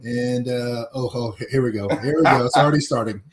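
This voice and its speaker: A man's voice: mid-range voice, fairly quick, roomy sound, a crowd in the background. A man hosting a casual talk show, greeting viewers by name in a friendly way. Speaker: host. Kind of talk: casual chat.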